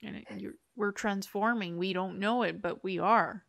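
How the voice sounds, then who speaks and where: A woman's voice: mid-range voice, moderate pace, creaky, a bit bright. Earnest upbeat woman hosting spiritual talk. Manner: earnest, upbeat, acts out inner voices. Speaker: host. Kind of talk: spiritual interview chat.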